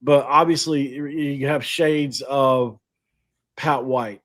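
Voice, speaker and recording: A man hosts a sports podcast in a relaxed, chatty way. He rambles, corrects himself and laughs at his own slips. His voice sits at an ordinary middle pitch. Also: slow. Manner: chatty, rambling, self-deprecating, laughs often. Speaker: podcast host. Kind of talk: casual sports podcast talk.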